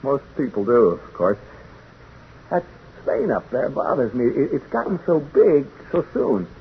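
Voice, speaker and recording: An actor playing a nervous, chatty radio announcer who stammers and rambles, in a 1940s radio drama. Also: male voice, mid-range voice, sing-song, measured pace, vocal fry, a little hiss or hum. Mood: uneasy. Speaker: radio announcer in a haunted house. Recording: tinny old 1940s radio broadcast.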